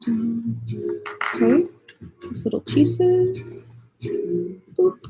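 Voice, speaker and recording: A woman's voice: medium pitch, animated, slow pace, vocal fry, poor audio. A woman streamer chatting casually and grumbling playfully while she builds a model. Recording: soft music playing behind.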